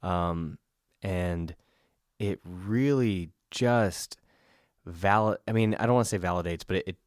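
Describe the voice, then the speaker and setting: A man with a deep voice co-hosts a podcast in casual chat, soft-spoken and reflective, often pausing and restarting. The recording is close and dry. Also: no echo. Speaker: podcast co-host.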